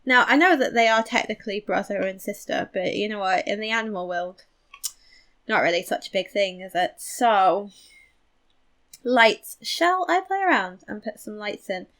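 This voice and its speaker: A woman's voice: mid-range voice, lively intonation, moderate pace, a bit bright. A woman giving casual commentary while playing a game, chatty, thinking aloud and poking fun at herself. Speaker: let's play host.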